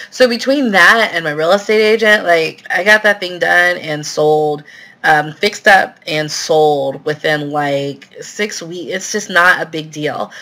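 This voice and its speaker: Hosting a live Q&A stream on real estate investing, a woman answers viewer questions casually, using lots of fillers. She has a fairly low, somewhat bright voice.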